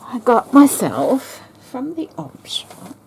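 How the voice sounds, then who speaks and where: A woman chatting softly and thinking aloud as she stitches a craft project, with the hiccups. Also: high-pitched, big pitch swings, vocal fry, a little hiss or hum. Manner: slow, soft-spoken, thinking aloud while sewing. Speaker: craft vlogger. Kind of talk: casual stitching chat.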